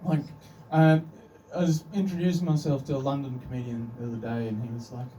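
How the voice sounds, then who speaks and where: Onstage at a comedy club, an Australian man with an Australian accent works through a dry, self-deprecating stand-up set. His mid-range voice is warm, fairly even in intonation and a little fast. It's captured from a distance, with room noise around it.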